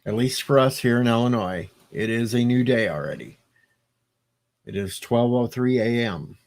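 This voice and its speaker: Man, livestreamer, casual late-night chat, rambling, joking, mid-pitched voice. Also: normal speed, darkish tone. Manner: rambling, joking, chatting back to viewers. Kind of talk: casual live-stream chat.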